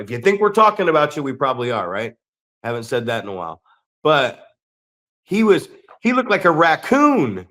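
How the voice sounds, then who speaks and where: This middle-aged pro wrestler co-hosts a wrestling podcast, ranting bluntly and swearing a lot in casual chat. His voice sits at medium pitch with a slightly bright quality.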